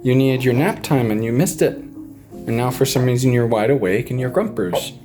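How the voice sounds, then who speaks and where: A man's voice: medium pitch, moderate pace, over music. A young man, a new father, talking frankly on a casual home vlog, stressed and swearing freely. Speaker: vlogger, father of a baby.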